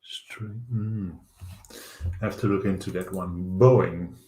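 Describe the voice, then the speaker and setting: Dutch-accented male host, deep unhurried voice, halting live chart talk, roomy echo. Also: fairly even intonation, darkish tone. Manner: thinks aloud, halting with fillers. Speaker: stock market show host. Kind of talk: live trading chart commentary.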